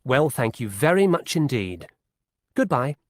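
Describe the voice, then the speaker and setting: A man's voice: mid-range voice, big pitch swings, a little slow, no echo. An actor playing a polite male school organizer who books a coach, in a scripted exam dialogue with a formal, courteous manner. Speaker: school staff member booking a coach. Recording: dry studio recording.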